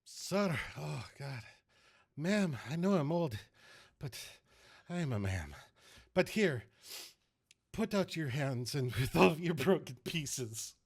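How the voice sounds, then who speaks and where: A man's voice: on the high side, sing-song, takes it slowly, vocal fry, breathy edge, dry recording, studio quality, full character voice. A man voicing a jolly old temple cleric who laughs through her words and calls people laddie. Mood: teasing.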